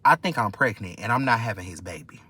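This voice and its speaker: A man's voice: fairly low pitch, lively intonation, fast, pushed and bright, breathy edge, voice pushed down, heavily acted. A man voicing his young woman friend, who is blunt and dramatic and swears freely. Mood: insistent.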